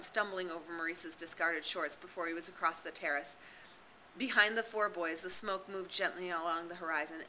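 A woman's voice: on the low side, pushed and bright, a little hiss or hum, poor audio. A woman narrating a novel as an audiobook, reading expressively and dramatically. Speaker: reader and tutor.

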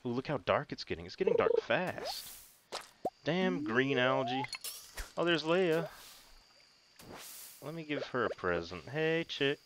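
A man's voice: mid-range voice, big pitch swings, unhurried, pauses often, background noise. A man giving casual, joking and self-mocking commentary while playing a video game. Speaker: gaming video host.

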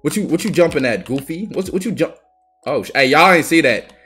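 Young man, gameplay commentary, excitable, swearing trash talk, lively pitch, faint music behind. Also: a little fast, breathy edge. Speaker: gaming YouTuber.

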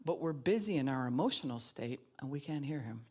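A woman pastor preaching a sermon in an animated way, acting out other people's voices and laughing often. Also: very deep voice, brisk, breathy edge.

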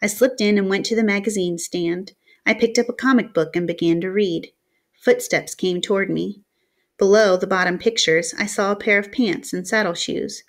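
A woman's voice: medium pitch, moderate pace. Woman reading a novel aloud. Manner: steady, storytelling. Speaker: reader. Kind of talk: audiobook narration.

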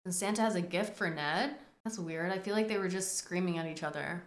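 A woman's voice: fairly low pitch, fairly quick, roomy sound. A woman hosting a gaming video, reacting dramatically as she comments on her game. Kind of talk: casual gameplay commentary.

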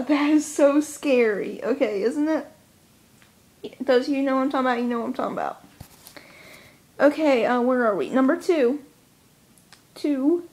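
A young woman hosting a casual countdown vlog, chatty, excitable and self-mocking. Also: high-pitched. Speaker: vlogger.

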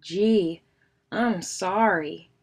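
A woman's voice: mid-range voice, extremely slow, a little mellow. Woman doing a meek little boy bear cub. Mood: sorry.

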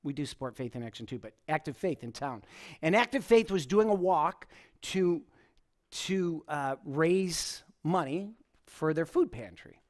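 A male pastor preaching a relaxed, story-driven sermon at a church service. His voice sits a little high for a man and swings up and down with lively intonation. He often chuckles and restarts his sentences as he talks. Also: measured pace. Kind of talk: conversational sermon with personal stories.

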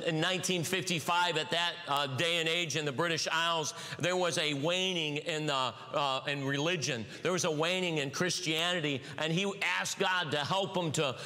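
A man preaching a sermon in a church, telling a story and dropping low and quiet at the ends of phrases before rising again. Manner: storytelling, swings from hushed lows to raised highs. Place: church sanctuary. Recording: long hall reverb.

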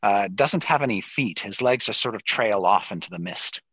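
A man's voice: on the low side, animated, normal speed, sharp tone, dry recording, poor audio. A man narrating as dungeon master in a tabletop game, describing scenes in a rambling way with many fillers.

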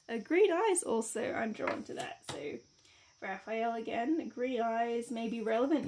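Woman tarot reader, slightly high voice, chatty and reassuring. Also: darkish tone. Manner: chatty, reassuring, rambling with fillers. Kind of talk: casual tarot reading to camera.

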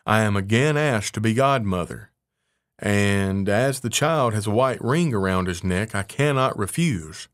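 A man voicing a sly, greedy female cat who coaxes smoothly. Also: lowish voice, expressive, measured pace, a bit bright, dry recording, clean studio sound. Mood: coaxing.

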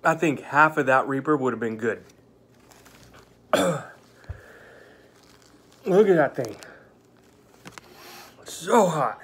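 A man talking slowly in a workplace break room, his mouth burning from a hot pepper. He coughs, gasps and groans in pain between his words, in a casual vlog style. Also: mid-range voice, animated, fairly bright tone, husky. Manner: gasping, coughing, pained exclamations. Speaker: vlogger eating hot peppers.

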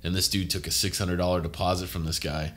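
A man's voice: low voice, little pitch movement, fast talker, a bit bright. Laughing, easygoing man telling a story. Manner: laughs a lot, swears freely, acts out quotes. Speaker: podcast host. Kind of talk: casual chat, storytelling.

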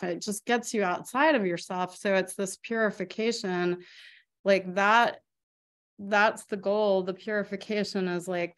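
A middle-aged woman, teaching a parish faith class in a personal, conversational way with many fillers. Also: fairly low pitch. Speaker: RCIA catechist. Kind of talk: casual teaching talk.

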